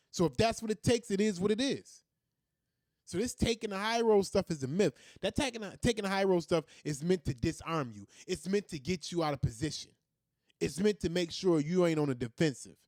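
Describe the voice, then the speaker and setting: Man, heated monologue, high voice, dry room. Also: darkish tone, dry recording. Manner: heated, ranting, profane. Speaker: commentary host. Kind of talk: opinion monologue.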